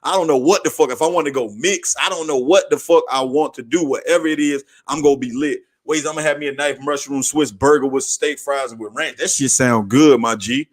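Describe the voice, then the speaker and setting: A man hosting his own podcast, talking in a casual, slangy, profane way that gets excitable and breaks into shouting. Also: medium pitch, a little fast, hardly any pauses. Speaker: podcast host. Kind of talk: casual hyped sports talk.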